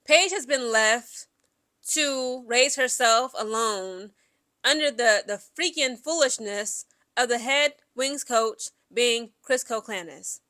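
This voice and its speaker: Speaking slowly in a sharp voice on the high side, a woman dishes out casual, opinionated sports gossip. She's chatty and emphatic, talks straight to her viewers, and keeps asking "okay?"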